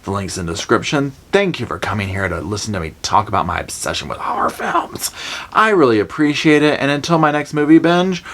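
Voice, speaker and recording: A man's voice: medium pitch, brisk. A man, casually retelling a movie plot as a review host, acting out the lines. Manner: chatty, animated retelling with voiced quotes and "y'all". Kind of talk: casual storytime movie recap.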